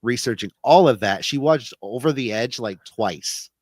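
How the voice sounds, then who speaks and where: A man's voice: medium pitch, moderate pace, no room sound. Guy rambling thru a wrestling recap, lots of uh's, dry close mic. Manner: loose storytelling, many fillers and restarts. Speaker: podcast co-host. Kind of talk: casual wrestling recap chat.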